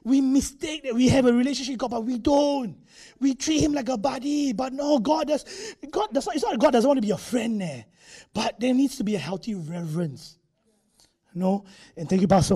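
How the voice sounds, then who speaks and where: In a church, a man preaches a conversational sermon in a high, husky, dark-toned voice. Along the way he acts out short quotes and tosses in tag particles.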